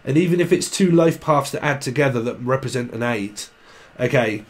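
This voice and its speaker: A man's voice: mid-range voice, animated, moderate pace. A man giving a casual tarot reading to camera. He rambles, laughs often and drifts into snatches of song. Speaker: tarot reader.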